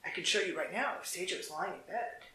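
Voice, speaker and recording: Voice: mid-range voice, expressive, a little fast, sharp tone. A storyteller voicing an older father in a folk tale, bewildered and insistent. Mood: puzzled. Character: puzzled older father of the bride. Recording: echoey room.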